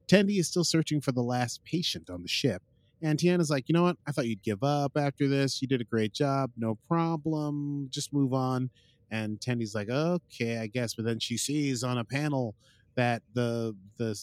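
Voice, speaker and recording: A mid-range male voice, recorded with no room sound, belongs to a podcast host casually running through an episode. He meanders, fills pauses with "uh" and "like," and repeats what the characters said.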